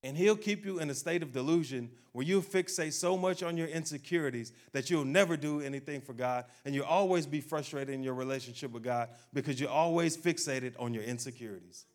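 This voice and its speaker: A man preaching a sermon, speaking directly to his congregation and acting out people's doubts in a low, quiet voice. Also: a little fast, few pauses. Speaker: pastor.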